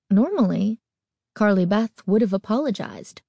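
A woman narrating a spooky story as an audiobook, expressive and suspenseful. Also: mid-range voice, measured pace, no echo, studio quality.

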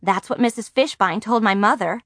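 A woman reading a chatty schoolgirl friend who is quick and always in the know, talking in fast, newsy bursts. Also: medium pitch, fairly bright tone, no room sound, studio quality, lightly acted.

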